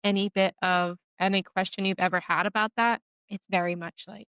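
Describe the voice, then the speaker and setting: A woman giving a one-on-one mediumship reading, talking gently with halting fillers and restarts. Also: medium pitch, fairly even intonation, clean tone, no room sound. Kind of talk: one-on-one reading, casual and hesitant.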